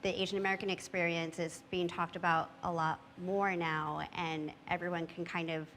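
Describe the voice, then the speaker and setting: A woman speaking as a panelist in a thoughtful, measured way with frequent fillers. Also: lowish voice, little pitch movement, a bit bright. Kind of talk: panel discussion talk. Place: church hall. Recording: long hall reverb, faint noise.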